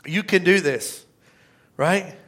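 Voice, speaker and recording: A man delivers a sermon in a chatty, energetic way, often tossing in "right?" to the crowd. His voice sits high and sounds bright and forward. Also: slow. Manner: energetic, conversational, tag questions. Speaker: pastor.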